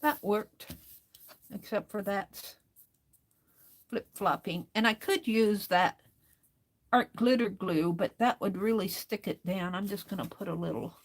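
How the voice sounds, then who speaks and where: A woman's voice: medium pitch, unhurried, long pauses, a little hiss or hum. A woman hosting a crafting livestream, chatting casually and reading viewer comments aloud as she works.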